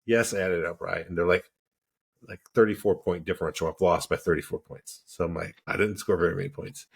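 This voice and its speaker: A man's voice: sits low, fairly even intonation, fairly quick, gravelly, slightly rough. A man co-hosting a podcast, telling a story in casual chat and animatedly acting out the dialogue. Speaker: podcast co-host.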